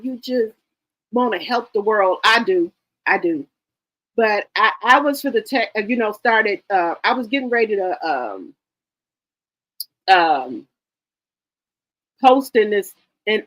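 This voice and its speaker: A woman in her forties talks to her viewers in a halting, heartfelt way. She restarts her sentences and leans on "you know" and "y'all". Her voice sits at an ordinary middle pitch. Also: fairly bright tone, rough recording. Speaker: livestream host. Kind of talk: casual chat with viewers.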